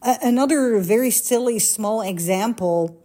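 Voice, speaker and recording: A woman's voice: fairly high pitch, a little slow, mellow. A woman chatting candidly and confessionally, telling personal stories and acting out the voices of people she quotes. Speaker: social media coach. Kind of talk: confessional casual chat.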